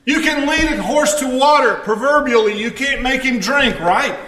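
A man's voice: very high voice, moderate pace, sharp tone, roomy sound, a little hiss or hum. A man preaching a conversational sermon, telling stories with wry asides. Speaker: pastor.

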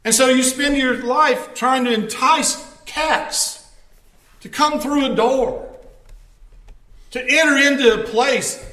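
High, bright-voiced male pastor preaching. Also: echoey room. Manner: storytelling, wry asides. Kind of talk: conversational sermon.

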